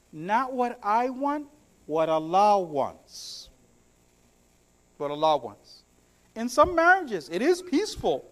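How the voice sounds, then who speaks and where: A man preaching a sermon to his congregation, mixing humorous stories with recited Arabic verses. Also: extremely high pitch.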